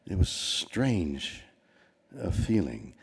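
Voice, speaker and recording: Husky older man telling a stage anecdote. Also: deep voice, big pitch swings, drawn-out words. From Canada. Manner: rambling storyteller, many restarts, shifts into quoted voices. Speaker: award recipient giving a speech. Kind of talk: anecdotal speech to an audience.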